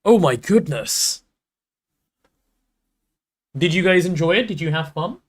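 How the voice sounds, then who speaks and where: Animated streamer, lively pitch. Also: male voice, slow pace. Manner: animated, swears casually. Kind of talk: reading a novel aloud and chatting on stream.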